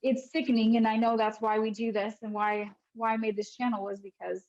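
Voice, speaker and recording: A woman's voice: a little high, level tone, fairly quick, darkish tone. Impassioned woman, lo-fi audio. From United States. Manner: impassioned, frustrated, talking straight to viewers. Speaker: vlogger, mother sharing her birth story. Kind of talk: personal vlog monologue. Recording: dull lo-fi audio.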